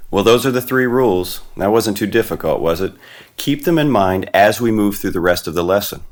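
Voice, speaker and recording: A man narrating an animated beginner language lesson in a clear, deliberate teaching manner. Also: on the low side. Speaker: Spanish teacher.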